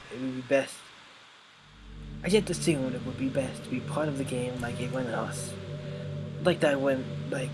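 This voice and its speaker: A man voicing an obsessive, lovestruck young woman from a video game in a soft, slightly menacing tone, with game music behind. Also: mid-range voice, natural voice, low-quality recording. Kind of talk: reading game dialogue aloud.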